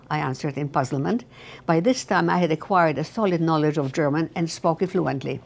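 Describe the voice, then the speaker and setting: An elderly woman reads her own memoir aloud at a careful, halting pace, often restarting words. Her voice sits low. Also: lively intonation, vocal fry, a little mellow. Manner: slow, halting reading with restarts. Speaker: memoir author.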